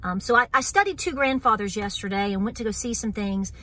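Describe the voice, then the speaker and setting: A woman's voice: mid-range voice, fairly quick, sharp tone. A middle-aged woman with an East Tennessee accent, hosting a homestead vlog and talking earnestly and wound up to her viewers, dropping in y'all. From Southern Appalachia. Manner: earnest and wound up, repeats "so here's the deal", says y'all. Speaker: homestead channel host. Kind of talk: casual vlog talk to viewers.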